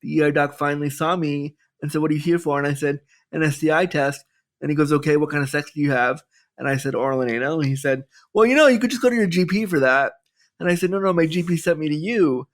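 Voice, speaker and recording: Guy in his 30s telling his story on a podcast, kinda high voice, acts out all the quotes. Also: fast. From Canada. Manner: candid, animated storytelling with quoted dialogue. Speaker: podcast guest.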